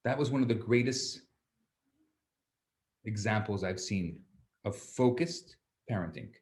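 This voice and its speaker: A man, a rabbi, teaching a class, telling a story with lively asides and frequent restarts. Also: fairly low pitch, a little slow. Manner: animated storyteller, acts out children's voices, stammers on restarts. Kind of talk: storytelling lecture.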